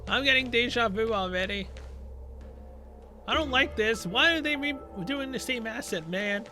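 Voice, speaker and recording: A man's voice: extremely high pitch, normal speed, pushed and bright, faint music behind. A man playing through a story game, reading its dialogue aloud and adding sarcastic asides. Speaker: gaming video creator.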